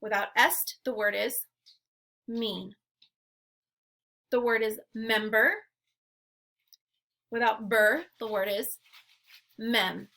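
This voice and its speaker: A woman teacher leading a phonics drill, saying words slowly and clearly with encouragement. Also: a little high, fairly even intonation, bright, forceful tone, low-quality recording. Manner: slow, clearly enunciated, encouraging. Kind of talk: phonemic awareness drill.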